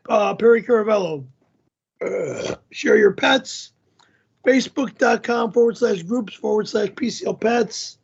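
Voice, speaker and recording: A male host slowly reading out social links and a mailing address to close his live stream, halting with fillers. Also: extremely high pitch, gravelly, darkish tone, breathy edge, highs cut off. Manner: slow, halting plug reading with filler ums.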